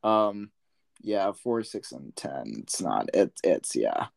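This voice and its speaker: Relaxed young man hosting sports chat. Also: sits low, takes it slowly, gravelly. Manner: relaxed, filler-heavy. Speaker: podcast host.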